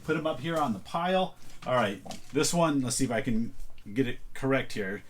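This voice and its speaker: A man's voice: mid-range voice, lively intonation, moderate pace, a little hiss or hum. A man casually chatting through a thrift haul, thinking aloud as he sorts items. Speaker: reseller showing a thrift haul. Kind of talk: casual vlog chat.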